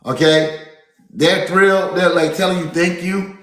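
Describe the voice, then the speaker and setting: A man coaching a seminar audience with a fairly high voice, talking with energy and repeating his points. He calls his listeners folks. The sound carries a roomy echo. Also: fairly even intonation, a little slow, a bit bright. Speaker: real estate business coach. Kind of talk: motivational seminar talk.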